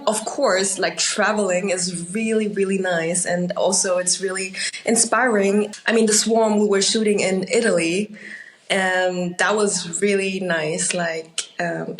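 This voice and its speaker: A woman's voice: medium pitch, poor audio. A woman with a German accent, a native German speaker, chatting as an actor guest in an interview, laughing often between fillers. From Austria. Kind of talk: casual interview chat.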